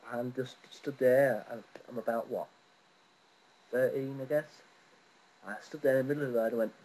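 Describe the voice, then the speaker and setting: A man's voice: mid-range voice, poor audio. A young man chatting casually at home, crude and teasing, telling a story with jokes. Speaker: vlogger. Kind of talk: casual chat. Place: front room at home.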